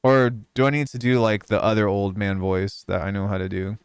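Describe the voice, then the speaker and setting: A young man talking loosely to his stream audience, meandering with lots of fillers. His mid-range voice is smooth and clear. The sound is close and dry, with no echo. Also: fairly low pitch, normal speed. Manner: relaxed, rambling, many fillers. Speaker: music producer streamer. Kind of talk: casual live-stream chat.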